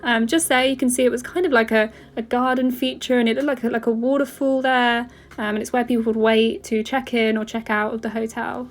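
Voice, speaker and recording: A woman's voice: a little high, fairly even intonation, brisk. A young woman narrating a walkthrough of a place in a casual voice-over, with many fillers and restarts. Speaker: travel vlogger.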